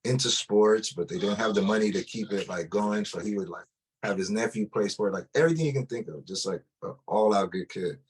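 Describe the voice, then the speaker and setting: A man gives his personal testimony loosely and conversationally, often restarting and filling gaps with "like." His voice is husky, on the low side, and brisk.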